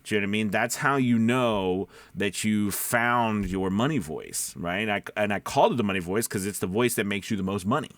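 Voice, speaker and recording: A man, a voice-over actor, giving casual advice that drifts off topic and back, speaking low from the back of his throat. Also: normal speed, few pauses, dry recording. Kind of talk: casual advice talk to camera. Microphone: studio microphone.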